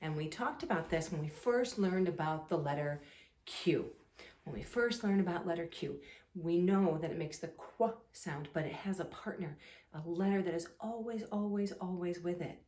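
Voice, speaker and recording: A woman teacher giving a slow, sing-song phonics lesson to young children, drawing words out patiently. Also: lowish voice, mellow, roomy sound.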